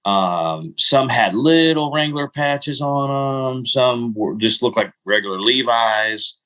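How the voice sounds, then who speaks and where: A man's voice: mid-range voice, animated, takes it slowly, a bit bright. A middle-aged man co-hosting a podcast, rambling through self-mocking travel stories with frequent laughs. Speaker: podcast co-host. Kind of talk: casual storytelling chat.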